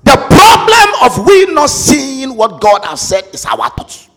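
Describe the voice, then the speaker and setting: High, lively male preacher, husky; emphatic sermon with shouted peaks in a reverberant church. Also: a little slow. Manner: emphatic, rises to shouts and sing-song, calls on congregation to repeat. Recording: reverberant hall with faint music.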